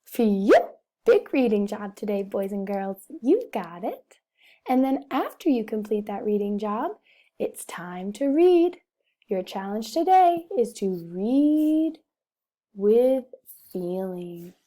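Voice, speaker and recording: A woman teaching a recorded reading lesson to young children, patient and expressive as she models sentences aloud. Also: medium pitch, slow. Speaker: first-grade teacher.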